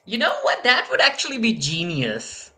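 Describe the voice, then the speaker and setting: A woman co-hosting a casual podcast, airing gripes in a loose, chatty way. Her voice is bright and forceful, and she often breaks off mid-sentence to restart. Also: mid-range voice, huge pitch swings, moderate pace, breathy edge. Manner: chatty, griping, self-interrupting. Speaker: podcast co-host. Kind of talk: casual chat.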